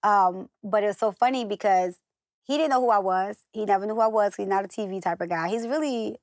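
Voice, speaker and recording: Guesting on a relaxed interview, a northern U.S. woman tells stories chattily and performs the quoted voices of the people in them. She speaks at mid-range pitch and fairly quickly, recorded cleanly in a studio with no room sound.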